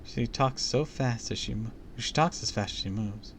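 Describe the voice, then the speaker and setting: A man with a medium-pitched voice reads a book aloud at normal speed during a live stream. Between passages he chats casually and cracks jokes.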